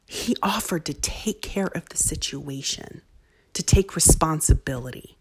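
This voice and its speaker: A woman in her thirties with a low, husky voice, talking candidly and self-critically about being a mother. She is earnest and reflective, and her voice often sinks into soft, breathy whispers before coming back up. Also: moderate pace. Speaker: mother sharing a parenting story. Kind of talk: candid personal talk to camera.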